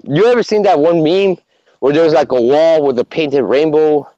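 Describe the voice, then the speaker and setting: A man on a podcast telling stories in casual chat, animated and swearing a lot. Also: on the high side, moderate pace. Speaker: podcast co-host. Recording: muffled lo-fi recording with faint noise.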